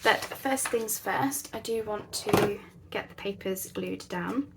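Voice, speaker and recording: A woman's voice: medium pitch, takes it slowly, creaky, very noisy. A woman hosting a casual craft tutorial, chatting in a rambling, self-deprecating way at her craft table at home. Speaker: crafting channel host.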